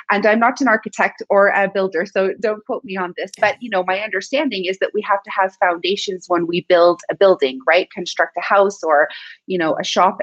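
A woman's voice: mid-range voice, dry recording, highs cut off. Effusive woman co-hosting a podcast. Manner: effusive, enthusiastic. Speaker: podcast co-host. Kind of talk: casual panel chat.

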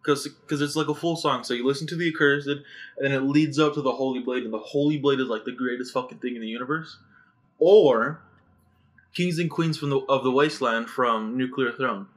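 A man hosting a casual podcast, excitable, swearing and laughing as he chats with friends. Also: medium pitch, brisk, low-quality recording. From United States. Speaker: podcast host. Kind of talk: casual chat.

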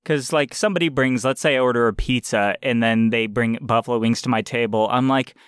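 A man's voice: medium pitch, a little fast, a bit bright, clear, resonant tone, dry recording, clean studio sound. A man in casual chat, playful and riffing on jokes. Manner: playful, riffs on jokes with a laugh.

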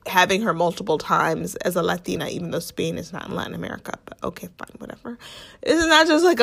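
A young woman hosting a casual commentary podcast, chatty and sarcastic, full of "like" and mock quotes of others. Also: mid-range voice. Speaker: podcast host.

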